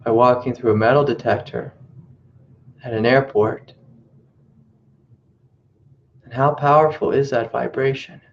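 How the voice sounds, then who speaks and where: A male spiritual teacher gives a reflective teaching talk, telling a story and circling back over his own phrases. His voice is very flat and even in pitch. The audio is muffled and lo-fi, like an old webcast. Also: measured pace, vocal fry, pauses often.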